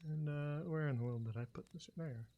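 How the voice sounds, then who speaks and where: A man running a tabletop game, narrating in a relaxed way with many fillers. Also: fairly high pitch, fast, lo-fi sound. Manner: relaxed, filler-heavy, chuckling. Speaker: game master.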